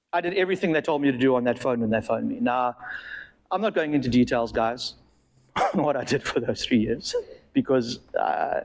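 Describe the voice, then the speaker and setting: A man with a South African accent giving a live testimony to an audience, telling his story in a direct, animated way. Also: mid-range voice, big-room sound. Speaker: speaker giving a personal testimony.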